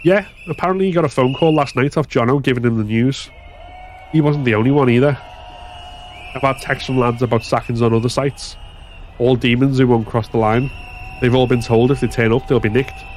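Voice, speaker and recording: A loud, rough-spoken worker fumes with indignation, his voice pushed well above the reader's own, as a male narrator puts him on. The delivery is brash, and a faint hum of noise sits under it. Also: mid-range voice, fairly even intonation, a little fast, voice pushed up, natural voice. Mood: indignant. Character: angry man, loud striking worker.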